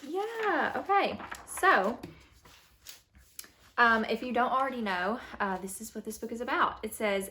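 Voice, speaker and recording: A young woman vlogger chatting casually at home while unboxing books, bubbly and prone to excited gasps and squeals, sometimes reading blurbs aloud. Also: a little high, unhurried. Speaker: book vlogger.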